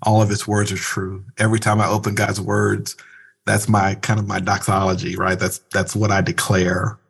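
A pastor talks through his thoughts at a moderate pace in a low, slightly husky voice, earnest and reflective. It's a conversational interview, and his tone stays conversational, though now and then he leans into animated asides.

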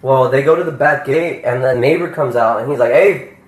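A young man telling a story among friends in casual chat, rambling and profane, acting out quotes loudly. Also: mid-range voice, fairly quick. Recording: echoey room.

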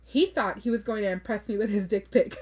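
Blunt, expressive young woman podcaster. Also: mid-range voice, a little fast, breathy edge. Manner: expressive and blunt, swears freely, laughs often; code-switches into Spanish phrases. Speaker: podcast host. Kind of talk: reading listener stories aloud with casual commentary.

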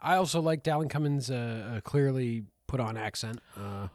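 A man co-hosting a podcast, chatting in a joking, animated way and slipping into voices. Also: medium pitch, moderate pace, slight background noise. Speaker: podcast co-host. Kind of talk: casual chat.

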